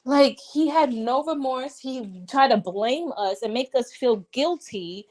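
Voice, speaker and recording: Woman, live-stream host, animated, indignant, quick bursts. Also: sits high. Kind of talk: casual live-stream chat.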